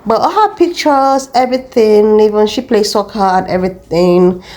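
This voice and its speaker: A woman's voice: mid-range voice, normal speed, a little mellow. A woman hosting a commentary video, chatting directly to her viewers in a casual way. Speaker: host.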